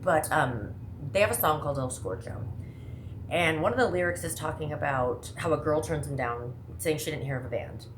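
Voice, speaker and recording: Woman, low voice, from the Midwest, fast rambling chat, lots of asides. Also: expressive, slight background noise. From American Midwest. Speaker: vlogger. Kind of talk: casual monologue to camera.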